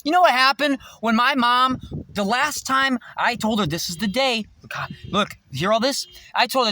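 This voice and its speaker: A man ranting to camera in a rambling, profane monologue, swinging between shouting and muttering. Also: very high-pitched, moderate pace. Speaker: vlogger.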